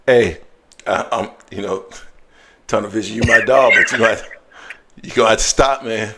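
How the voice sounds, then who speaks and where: A man hosting a casual sports live stream, talking in loose, animated, slangy banter. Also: on the low side, a little fast, noisy background. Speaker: sports show host.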